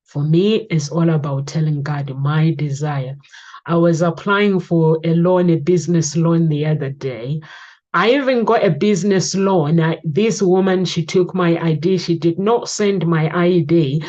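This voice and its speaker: Woman hosting a chat show, low mellow voice, kinda dull lo-fi sound, talky and storytelling. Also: measured pace. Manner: chatty, storytelling, asks guest questions. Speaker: talk show host. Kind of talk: casual advice chat.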